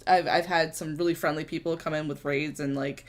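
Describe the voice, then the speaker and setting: A woman co-hosting a podcast in casual chat, chatty and quick to react, with casual swearing. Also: sits low, steady tone. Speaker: podcast co-host and streamer.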